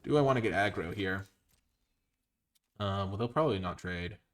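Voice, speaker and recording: A man commentating his own card game, switching between quiet muttered analysis and loud, mock-grandiose cheering. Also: low-pitched, lively intonation, normal speed. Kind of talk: gameplay commentary.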